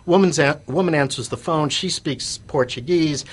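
With a husky, fairly high-pitched voice at a moderate pace, a man tells an anecdote about his business as an interview guest. The story wanders, with restarts, fillers and self-directed chuckles.

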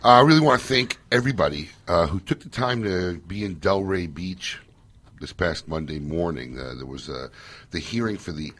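A man hosting a casual radio talk show from a studio, telling stories in an animated, joking way. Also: low voice, moderate pace. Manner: animated storyteller, loose and joking.

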